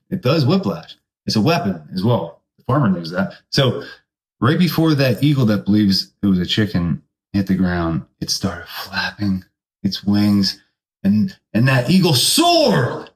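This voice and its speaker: A comedian hosting his own podcast, unspooling a silly tall tale in a slow, unhurried delivery. His pitch swings widely from line to line as he lurches between deadpan narration and put-on voices. He sits in the middle range for a man. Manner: rambling, deadpan tall tale with sudden voice jumps. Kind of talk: comedic storytelling monologue.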